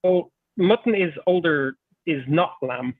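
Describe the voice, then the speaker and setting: A man's voice: fairly high pitch, lively intonation, a little slow. A man hosting a livestream, chatting playfully and tripping over his words as he talks. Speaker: livestream host. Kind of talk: casual chat. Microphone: online call. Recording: tinny phone-like line.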